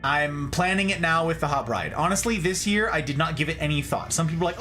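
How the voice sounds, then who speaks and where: Man, live streamer, casual chat, effusive, laughing, very animated pitch. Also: fast, soft background music. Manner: chatty, effusive, often laughing.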